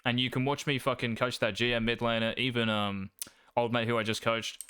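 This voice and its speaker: A young man talks through gameplay as a coach, brash and sure of himself, swearing freely. His voice is bright and forceful, crisp and smooth, and it sits close and dry with no room around it. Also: medium pitch, little pitch movement, fairly quick, no echo. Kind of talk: casual gameplay coaching commentary.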